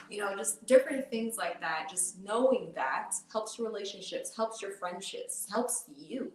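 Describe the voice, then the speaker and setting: A woman's voice: medium pitch, expressive, moderate pace, hardly any pauses. A woman, a tarot reader guest on a podcast, chatting casually and earnestly explaining spiritual ideas with fillers. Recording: roomy, distant from the mic.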